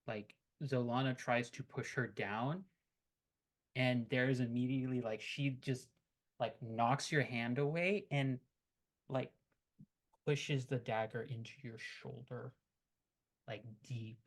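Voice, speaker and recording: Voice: medium pitch, steady tone, takes it slowly, long pauses. A game master narrating a tabletop role-playing game in a chatty, teasing way with many fillers.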